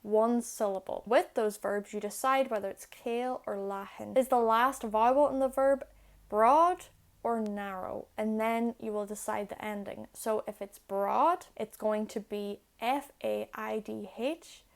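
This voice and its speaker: A woman's voice: fairly high pitch, measured pace. Woman teaching a language lesson. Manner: clear, patient step-by-step explaining. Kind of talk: video lesson.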